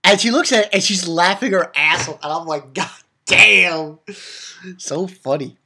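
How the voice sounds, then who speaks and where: A man giving a casual, rambling recap of an anime episode, excitable and quick to swear and laugh. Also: sits high, slightly rough. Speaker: anime reviewer.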